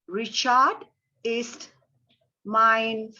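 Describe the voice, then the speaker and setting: A woman student reading German sentences aloud in an online lesson, haltingly and word by word. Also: on the high side, flat delivery, sharp tone. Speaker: language student. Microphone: video call. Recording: muffled video-call audio.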